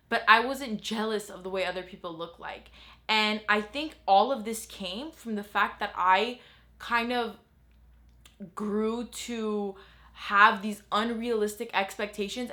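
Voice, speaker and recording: Young woman with a bright, halting voice. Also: medium pitch. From Los Angeles, US. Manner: candid, halting, with many fillers and restarts. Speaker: vlogger. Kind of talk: confessional vlog talk.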